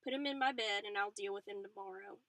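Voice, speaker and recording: A woman's voice: medium pitch, quick pace, sharp tone, no room sound, natural voice. A woman voicing a tired middle-aged woman who speaks in a soothing but firm way. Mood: weary. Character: weary middle-aged woman calming her mother.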